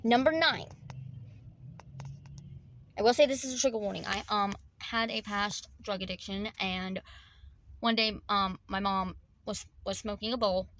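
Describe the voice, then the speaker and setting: A woman vlogger fondly counting down memories of her dog in a halting, rambling way with many restarts. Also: mid-range voice, fairly bright tone, slight background noise. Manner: fond, reminiscing about her dog. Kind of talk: casual countdown vlog.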